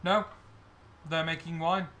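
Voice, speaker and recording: A man narrating a tabletop game as game master, describing scenes and pressing players for detail. His voice is bright and sharp, a touch higher than most. Faint noise hums behind him. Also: little pitch movement, takes it slowly. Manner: questioning, descriptive, with restarts.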